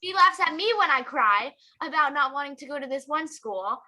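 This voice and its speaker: Teen girl singer, high and bright, bubbly storyteller who teases. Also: moderate pace. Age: teens. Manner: animated, giggly storytelling, teasing. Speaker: young singer guest. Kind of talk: casual chat.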